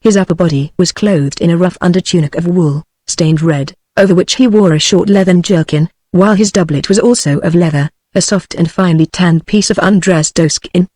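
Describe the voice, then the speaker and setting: A woman's voice: fairly low pitch, dry recording. A synthetic woman's voice with a British accent, evenly reading an audiobook as narrator. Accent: British English. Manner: even, measured text-to-speech reading.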